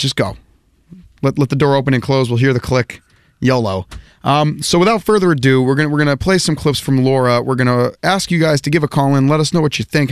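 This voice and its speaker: A man hosting a radio show in a casual way, tripping over repeated words as he moves things along. His voice sits at an ordinary pitch, recorded close and dry with no room sound. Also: dry recording. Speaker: radio host.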